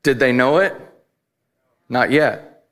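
A man's voice: medium pitch, takes it slowly, a bit bright. A married man preaching a sermon, telling a personal story candidly and building to emphatic points. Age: adult, married. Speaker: pastor.

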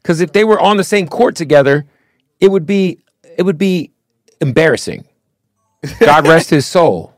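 A man's voice: fairly high pitch, lively intonation, moderate pace, pauses often, no echo, studio quality. Blunt, profane man hosting a podcast. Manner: opinionated, blunt, loose and profane. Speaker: podcast host. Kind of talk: casual hip-hop podcast chat. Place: live podcast studio.

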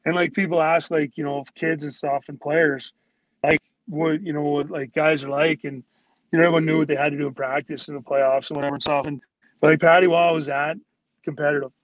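A man's voice: fairly high pitch, level tone, brisk, highs cut off. Rambling man telling hockey stories. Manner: rambling, many "like"s, acts out quoted teammates. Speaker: former pro hockey player, guest. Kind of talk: casual storytelling.

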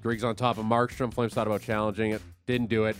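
Man, sports radio host, casual recap, lots of uh, mid pitch, faint music. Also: little pitch movement, fast. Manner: conversational, filler-heavy, recapping plays.

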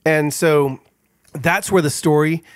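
A middle-aged man telling a personal story as an author being interviewed, in an animated, expressive way. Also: a little high, takes it slowly, dry recording, studio quality.

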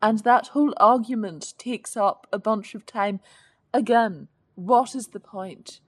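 A woman's voice: medium pitch, measured pace, husky, no room sound. Woman, sardonic, fluent long sentences, dry recording, film review chat. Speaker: podcast co-host.

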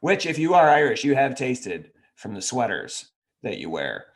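A man's voice: medium pitch, huge pitch swings, moderate pace, gravelly. A man co-hosting a podcast, teasing his friend and telling dry, rambling stories in casual banter. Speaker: podcast co-host.

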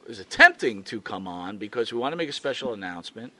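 A man's voice: on the low side, very animated, quick pace, bright, forceful tone. A man hosting a podcast in casual chat, asking questions and steering the talk. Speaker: podcast host.

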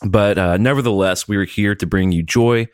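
A middle-aged man co-hosting a podcast, chatting casually in rambling, profane, animated stories. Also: on the low side, brisk, clean tone, no echo, studio quality. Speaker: podcast co-host. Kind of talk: casual chat.

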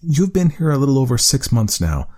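A man voicing a female research doctor who speaks softly and sweetly to a child. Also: medium pitch, very animated, fairly quick, pitched above the performer's own voice. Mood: soothing. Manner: soft, coaxing and friendly.

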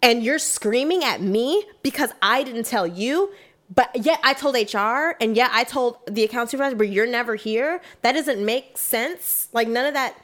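A young woman recounts a workplace story in relaxed, casual conversation. She talks with emphatic, animated delivery and slips into quoting herself and others as she goes. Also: on the high side, moderate pace. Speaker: guest telling a work story.

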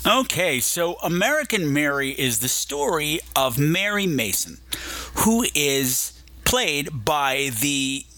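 A man's voice: a little high, very animated, slow, sharp tone, soft background music. A man hosting a casual film review chat, playful and digressive, sometimes slipping into silly voices. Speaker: film podcast host.

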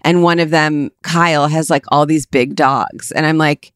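A woman's voice: sits low, steady tone, normal speed, few pauses, clean tone, dry recording, clean studio sound. A woman co-hosting a podcast, telling stories in casual chat, full of "like" and laughing often. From Cleveland area, USA. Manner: chatty storyteller, lots of "like", laughs often. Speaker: podcast co-host.

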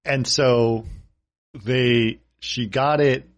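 A man's voice: mid-range voice, steady tone, extremely slow, highs cut off. A man co-hosting a casual film podcast, adding details and behind-the-scenes trivia. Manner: chimes in with details and trivia, laughs easily. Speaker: podcast co-host.

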